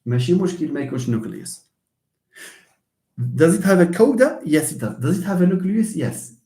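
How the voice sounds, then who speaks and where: A Moroccan-accented man delivers an online class lecture, lively and shifting among English, French and Arabic while posing questions and answering them himself. His voice is high-pitched and fast, and the room sounds echoey.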